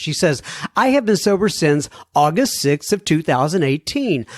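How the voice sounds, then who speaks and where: A man hosting a podcast, his voice fairly high for a man and swinging up and down as he talks. He chats casually and animatedly, chuckling through his stories and letters. The close, dry mic gives no sense of a room. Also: dry recording. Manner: animated, chuckling, mock-pleading. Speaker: podcast host. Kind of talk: casual storytelling and reading listener mail.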